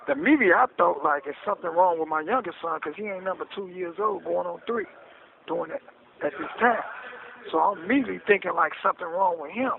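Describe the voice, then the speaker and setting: A man telling his story in a casual interview, animated and often asking "you hear me?", heard over a phone line. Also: high voice, brisk, creaky, a crowd in the background. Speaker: interview guest recounting his case. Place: prison phone call.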